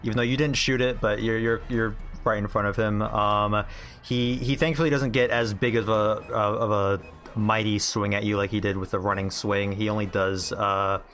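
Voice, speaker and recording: A man's voice: lowish voice, flat delivery, normal speed, a bit bright, faint music behind. A man narrating as game master of a tabletop game, casual and loose, with many fillers. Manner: casual, laid-back, many fillers and restarts.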